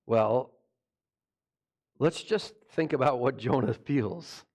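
A pastor preaching a sermon, animated and mocking, firing rhetorical questions at his listeners. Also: medium pitch, takes it slowly.

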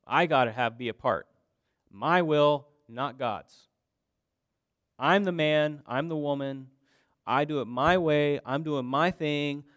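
A man's voice: a little high, takes it slowly, fairly bright tone, no echo, clean studio sound, voice pushed up. A man doing a whiny, self-centred grumbler. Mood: indignant. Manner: whiny, indignant, boastful. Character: self-centred grown man demanding comfort from God.

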